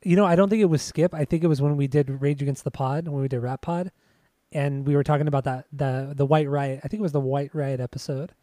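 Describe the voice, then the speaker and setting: A laid-back man co-hosting a music podcast, teasing his partner and laughing easily. His voice sits a little high for a man. The recording is dry and close-miked. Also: steady tone, fast talker, mellow, dry recording. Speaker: podcast co-host. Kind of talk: casual chat about music.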